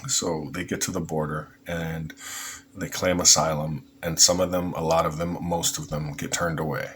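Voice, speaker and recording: Deep-voiced man rambling in a vlog. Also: level tone, normal speed, fairly bright tone, slight background noise. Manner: rambling, with frequent restarts. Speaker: vlogger. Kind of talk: casual opinion monologue.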